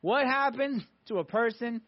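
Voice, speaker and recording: A man preaching a sermon to a congregation, emphatic, swinging between loud pushes and hushed moments. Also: extremely high pitch, normal speed. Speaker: pastor. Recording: dull lo-fi sound.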